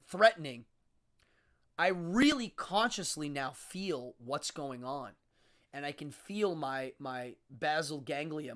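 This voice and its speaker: A man who works as a magician and occultist, hosting a live show and talking casually with a dramatic, animated manner and stumbling restarts. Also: a little high. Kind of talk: casual livestream monologue.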